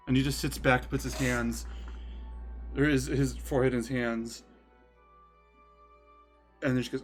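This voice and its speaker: A man's voice: mid-range voice, fairly even intonation, moderate pace, long pauses, faint music behind. A man narrating a tabletop game as game master, in a casual storytelling way.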